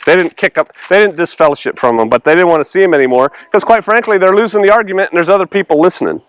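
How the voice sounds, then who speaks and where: A man's voice: high-pitched, very fast, smooth, no echo. A male pastor teaching through a Bible passage in a conversational way, acting out the dialogue with sarcastic voices and laughter.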